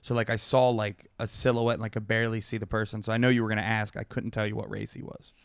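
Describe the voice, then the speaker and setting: A man's voice: fairly low pitch, flat delivery, fast talker, vocal fry, clean tone, dry recording, studio quality. A man in his thirties co-hosting a comedy podcast, telling rambling, self-mocking stories full of filler words. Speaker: podcast co-host. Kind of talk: casual comedic chat.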